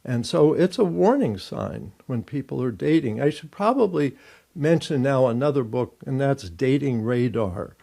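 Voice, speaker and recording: This older man, who works as a therapist and writes books, thinks aloud while offering measured explanations in an interview. His medium-pitched voice is animated, gravelly and dark.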